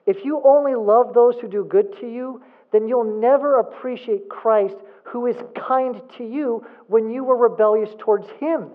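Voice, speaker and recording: A man's voice: extremely high pitch, normal speed, few pauses. A man preaching a sermon as a pastor, emphatic, asking rhetorical questions and repeating points for emphasis. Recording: phone-like thin sound.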